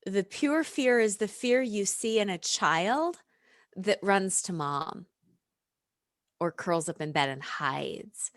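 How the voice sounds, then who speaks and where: Slow, reflective American woman. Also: mid-range voice, dry recording, studio quality. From United States. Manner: reflective, unhurried, laughs often. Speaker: guest, yoga and reiki practitioner. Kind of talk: casual podcast chat.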